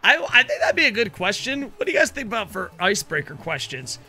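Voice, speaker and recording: A man streaming a wrestling video game, chatting casually with his audience and reacting loudly to the matches, swearing now and then. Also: high voice, big pitch swings, fast talker, slightly rough. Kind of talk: casual chat over gameplay.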